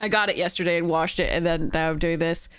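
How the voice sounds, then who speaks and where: A woman's voice: on the low side, steady tone, fast, a bit bright, clean tone. A woman streamer chatting casually on a live stream, bubbly and giggly, rambling with frequent laughter. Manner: rambling, with many fillers and restarts. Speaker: streamer and content creator.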